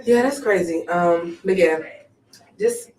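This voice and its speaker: Chatty and asking question after question, this female podcast co-host often loses her thread and restarts mid-sentence. Her low, darkish voice swings widely in pitch at a slow pace, picked up by a faraway mic in an echoey room.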